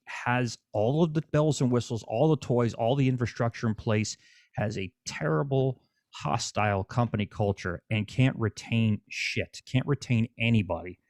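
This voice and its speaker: A man's voice: mid-range voice, a little mellow, no echo, studio quality. Blunt, swearing podcast host man. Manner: blunt, preachy, swears freely. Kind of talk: casual podcast interview.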